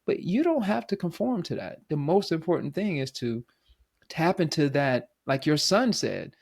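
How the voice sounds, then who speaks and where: A man hosting a podcast, talking reflectively in a thoughtful, halting way with many restarts. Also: fairly high pitch, sing-song, gravelly, a little mellow, breathy edge. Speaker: podcast host. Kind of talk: reflective conversation.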